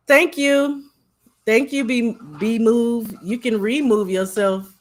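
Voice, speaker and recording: Host, slow-paced and sarcastic, casual online commentary. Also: mid-range voice, lively intonation.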